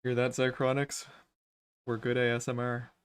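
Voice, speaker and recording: Smooth-voiced man coding on a livestream. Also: medium pitch, normal speed. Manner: thinking aloud while coding, relaxed and joking. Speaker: livestream host and programmer. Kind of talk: casual coding livestream chat.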